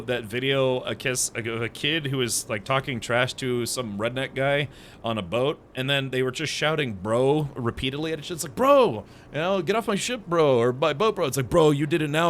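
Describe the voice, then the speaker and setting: A man's voice: mid-range voice, fairly bright tone, slight background noise. A man streaming a video game, chatting casually with his viewers in a sarcastic, joking way. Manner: sarcastic, chatty, laughs at his own jokes; talks to chat. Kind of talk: casual live-stream chat while playing.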